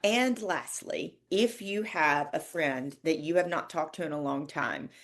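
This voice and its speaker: A woman's voice: low-pitched, unhurried. A woman hosting a podcast, telling a personal story in a heartfelt, teary way. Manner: heartfelt, laughs and tears up while telling. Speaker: podcast host. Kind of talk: emotional storytelling monologue.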